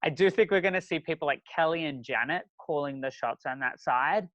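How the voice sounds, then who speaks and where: A podcast co-host with a brisk, somewhat high voice chats casually while recapping a reality show, full of ums and restarts. He's chatty and warmly encouraging. The recording is dry and slightly muffled.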